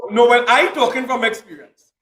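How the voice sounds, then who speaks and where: High-voiced man lecturing in an echoey room. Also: normal speed, fairly bright tone. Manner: preachy, repeats phrases for emphasis. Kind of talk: casual chat.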